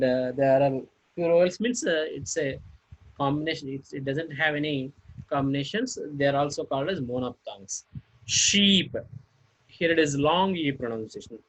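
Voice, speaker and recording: A man teaching a phonetics lesson, spelling out words letter by letter and pausing often on fillers. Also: on the high side, husky, low-quality recording. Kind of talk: phonetics lecture.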